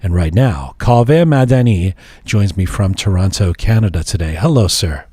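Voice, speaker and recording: A man hosting a podcast interview, reading a measured introduction and then asking questions in an earnest way, with some restarts. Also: low-pitched, animated, warm tone, breathy edge, no room sound. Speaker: podcast host.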